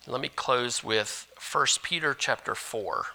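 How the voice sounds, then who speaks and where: A man preaching a sermon as pastor, animated, moving between loud emphasis and hushed asides. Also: medium pitch, takes it slowly, gravelly.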